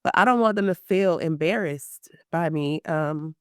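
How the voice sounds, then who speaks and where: Woman in her thirties, smooth clear voice, lively storyteller who acts out quotes, dry close mic. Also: deep voice, normal speed, no room sound. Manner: animated storytelling, acts out quotes, many fillers. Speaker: guest, pre-surgery patient. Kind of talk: emotional personal interview.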